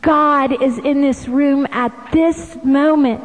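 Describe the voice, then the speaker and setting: A woman giving a slow devotional address, often slipping into hushed whispers. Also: high-pitched, fairly even intonation, big-room sound, rough recording. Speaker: visionary sharing devotional messages.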